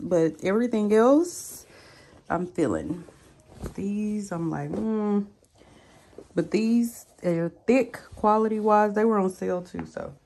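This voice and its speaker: A woman's voice: mid-range voice, mellow. A middle-aged woman, chatting casually to camera in a day-in-the-life vlog at home. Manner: chatty, confiding, drawn-out fillers. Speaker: vlogger. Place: bedroom at home. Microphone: handheld camera mic.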